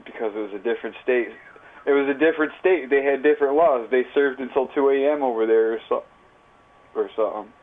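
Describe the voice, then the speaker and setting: A man's voice: medium pitch, quick pace. A man telling a rambling, profane story in casual, slang-heavy chat while livestreaming. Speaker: live streamer. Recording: tinny phone-like audio.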